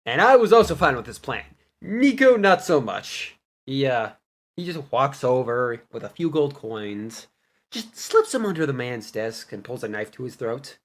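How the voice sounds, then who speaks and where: A young man casually retelling a tabletop game session, animated and laughing as he goes. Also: medium pitch, unhurried. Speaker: player recapping a campaign. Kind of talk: casual storytelling recap.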